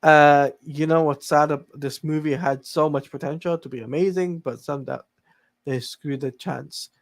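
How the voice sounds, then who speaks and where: A man's voice: on the high side, fairly even intonation, moderate pace. A man co-hosting a podcast, talking in casual chat, tired and yawning late at night. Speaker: podcast co-host.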